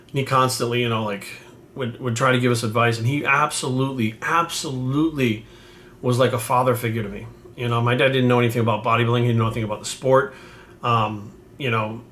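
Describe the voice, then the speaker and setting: A man's voice: mid-range voice, fairly bright tone, slight background noise. A man in his forties, a bodybuilding coach, telling a story to camera in a casual, rambling and swear-filled way that turns heartfelt.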